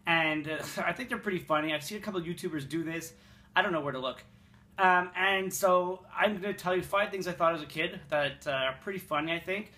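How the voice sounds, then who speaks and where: A man's voice: high-pitched, a little fast, pushed and bright, reverberant. A young man from Montreal, rambling and swearing as he tells funny childhood stories in a casual vlog. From Montreal, Canada. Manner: rambling, profane, self-mocking. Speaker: vlogger. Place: room in his apartment.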